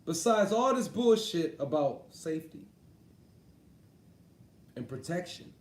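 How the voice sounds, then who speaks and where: A man's voice: fairly high pitch, very animated, slow pace, darkish tone. A man hosting a casual live stream, swearing freely, laughing often and talking straight to his viewers. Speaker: sports talk streamer. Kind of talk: casual livestream chat about boxing. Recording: roomy echo.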